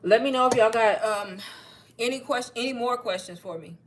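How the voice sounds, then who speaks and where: A woman talking casually on a livestream, pitching online courses, slightly out of breath and calling her viewers "y'all". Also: normal speed. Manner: chatty, addresses viewers as y'all. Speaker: online marketing creator. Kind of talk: casual livestream sales talk.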